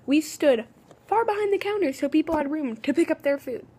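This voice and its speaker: A woman's voice: high-pitched, expressive, a little fast, mellow. A woman, telling a rambling, exasperated story in a casual vlog. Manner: rambling, exasperated, full of "okay" restarts. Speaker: vlogger.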